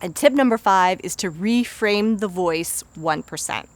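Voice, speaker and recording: A woman's voice: mid-range voice, unhurried, dry recording. A woman, a busy mother in her thirties, giving earnest, conversational self-help advice as a life coach. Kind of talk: motivational self-help talk.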